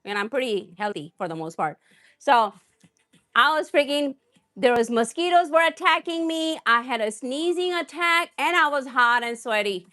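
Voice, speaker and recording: A woman's voice: high voice, expressive, normal speed, pushed and bright. A woman hosting a live cooking stream, chatting and rambling as she talks straight to her viewers. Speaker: cooking livestream host.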